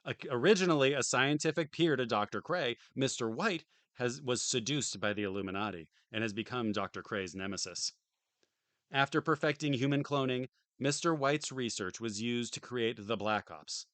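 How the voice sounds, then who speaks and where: A man's voice: mid-range voice, normal speed, fairly bright tone, no echo. A tired man streaming from home, reading a game manual aloud on a close desk mic and tossing in dry joking asides. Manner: dry, joking asides between read passages.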